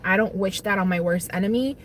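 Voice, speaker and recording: A young woman chats loosely with her viewers while eating lunch, her talk wandering and unhurried. She speaks into a phone, with a faint hum of noise underneath. Her pitch sits in an ordinary middle range. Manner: chatty, rambling, eats while talking. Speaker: livestream host. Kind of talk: casual livestream chat while eating lunch. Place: parked car on lunch break.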